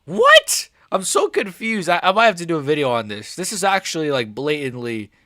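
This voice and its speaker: A young man streaming a live MMA reaction, excitable and swearing, calling everyone "bro" and swinging between shouted outrage and quiet muttering. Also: a little high, a little fast, no room sound, studio quality. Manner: excitable, swears a lot, says "bro" often. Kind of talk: live fight reaction commentary.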